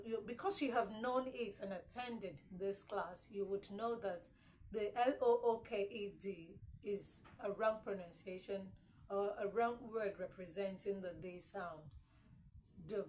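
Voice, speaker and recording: A woman teaching English consonant sounds, repeating each word several times and checking in with "okay?". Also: medium pitch. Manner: repeats words slowly, asks "okay?" often. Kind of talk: classroom-style lesson. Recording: faint background noise.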